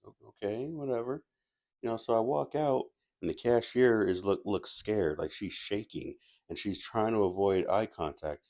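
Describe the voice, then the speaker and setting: A man's voice: fairly low pitch, moderate pace, few pauses, darkish tone. A man casually telling a personal story as a movie reviewer, rambling with restarts and asides.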